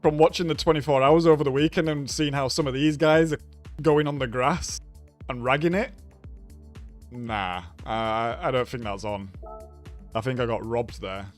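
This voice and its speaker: A man's voice: mid-range voice, normal speed, soft background music. Chatty Yorkshire man streaming a racing game. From Yorkshire, England. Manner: casual, chatty, greets viewers by name. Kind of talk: live gameplay commentary and chat.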